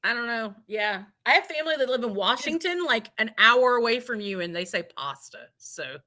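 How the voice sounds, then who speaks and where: Bright, lively, slow-talking woman. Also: fairly high pitch. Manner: playful, teasing. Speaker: podcast host. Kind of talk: casual chat.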